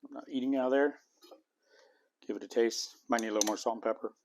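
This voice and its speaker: A man's voice: mid-range voice, fairly even intonation, fast, darkish tone, a little hiss or hum. A man hosting a home cooking video, chatting casually and tasting as he goes. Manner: homey, chatty, talks while eating. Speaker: cooking channel host.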